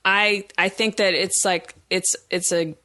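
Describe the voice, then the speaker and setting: A woman hosting a comedy podcast, chatting casually with a sardonic, deadpan edge. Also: medium pitch, measured pace. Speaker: podcast host.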